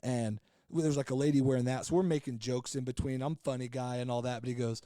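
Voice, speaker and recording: A man's voice: medium pitch, steady tone, fast talker, mellow, dry recording, clean studio sound. A man on a podcast telling a long, rambling, jokey story in casual chat, with many fillers and restarts. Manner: jokey and frank. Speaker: podcast co-host.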